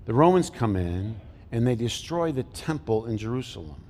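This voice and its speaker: A man's voice: medium pitch, sing-song, moderate pace, a little mellow. A middle-aged male pastor preaching a conversational sermon, joking and asking the congregation questions as he goes. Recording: long hall reverb from a church sanctuary.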